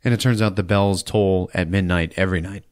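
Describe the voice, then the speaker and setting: A man's voice: deep voice, a little fast. A man hosting a podcast who recaps a movie in a profane, laughing, comic way. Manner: profane, laughing, animated storyteller. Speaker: podcast host.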